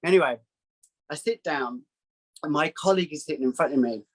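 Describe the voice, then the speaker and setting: A man, a psychic guest telling a story in casual chat, acting out quoted voices in a higher pitch. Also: brisk, poor audio. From England.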